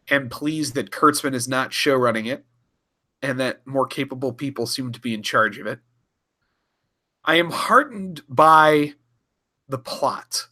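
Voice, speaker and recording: A man's voice: medium pitch, bright, forceful tone. A man co-hosting a podcast in casual, rambling chat, swearing freely and often restarting. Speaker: podcast co-host.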